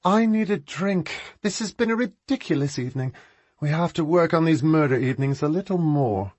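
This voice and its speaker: A man voicing a haughty, exasperated aristocratic woman who scolds her brother in a high, indignant tone. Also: animated, moderate pace, darkish tone, no echo, muffled recording. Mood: weary.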